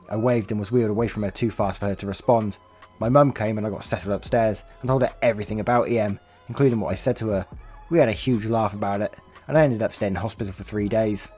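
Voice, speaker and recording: Low-voiced man reading stories over soft music. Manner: reads expressively, acting out the angry quotes with big pitch jumps; chuckles through his own asides. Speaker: reddit story narrator. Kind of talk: reading online stories aloud with casual commentary. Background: faint background music.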